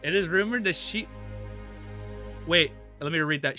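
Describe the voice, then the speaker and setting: A streaming American man with a bright, forceful, slightly high voice reads a novel aloud. Between passages he chats in a laid-back, slangy, excitable way. Faint music plays underneath. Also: normal speed, pauses often. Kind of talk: reading a novel aloud on a livestream, casual chat.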